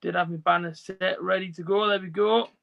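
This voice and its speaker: A man's voice: high-pitched, steady tone, brisk, creaky, highs cut off, very noisy. A man casually chatting on a football watch-along live stream, reading out viewer comments with lots of fillers. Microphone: phone.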